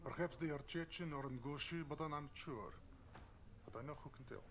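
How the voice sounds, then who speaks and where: A man's voice: a little high, fairly quick, very noisy, close to an everyday voice. A man playing a stiff Russian-accented officer. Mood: formal. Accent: put-on Russian. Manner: stiff, formal, rolls every R. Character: formal male Russian intelligence officer.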